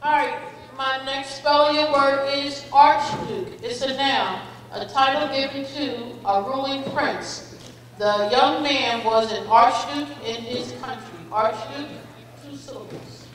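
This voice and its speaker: A woman serving as a spelling bee pronouncer, reading each word with its definition and an example sentence, measured and patient. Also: sits high, fairly bright tone. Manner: measured and patient, calls each child friend. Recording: echoey hall, voice far from mic, faint noise.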